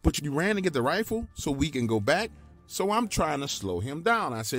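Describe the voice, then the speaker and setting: Animated man telling a scary story. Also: fairly high pitch, normal speed, soft background music. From Louisiana, US. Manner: emphatic, animated, talks straight to the listener. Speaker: guest telling his own encounter.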